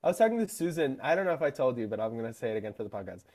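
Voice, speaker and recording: A young man co-hosting a podcast in easy, casual chat. He talks in a chatty, giggly way and often laughs partway through a sentence. His voice sits in a middle pitch. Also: big pitch swings, racing, darkish tone. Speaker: podcast co-host.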